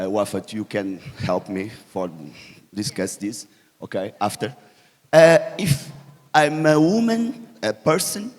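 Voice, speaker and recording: A Portuguese-accented man talks slowly on a conference stage, his voice hoarse and broken by fillers and restarts. The sound rings out with the long reverb of a big hall. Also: mid-range voice. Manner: halting, many fillers and restarts, joking. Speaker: conference keynote speaker.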